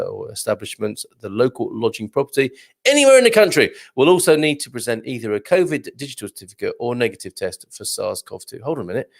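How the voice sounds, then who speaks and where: A man's voice: medium pitch, vocal fry. Male host, conversational and wry, ordinary mid-range voice, reads and comments on news. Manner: wry, chatty, musing aloud. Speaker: show host. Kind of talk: live show commentary on news.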